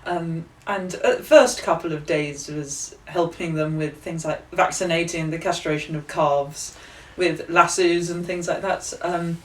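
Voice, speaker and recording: A woman's voice: low voice, steady tone, unhurried, few pauses, recorded from a distance. Chatty woman in an echoey room. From England. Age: young adult. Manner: chatty, laughs often, acts out quoted voices. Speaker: author guest. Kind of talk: casual interview storytelling.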